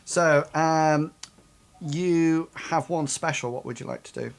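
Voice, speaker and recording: A man's voice: fairly high pitch, slow, creaky. A man running a tabletop game as game master, narrating combat with many hesitations.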